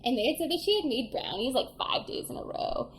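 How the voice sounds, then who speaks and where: A young woman co-hosting a book podcast, casually retelling a story with lots of "like" and animated quotes. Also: high voice, a little fast, slight background noise, low-quality recording. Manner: chatty, lots of "like", animated quoting. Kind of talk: casual chat retelling a novel's plot.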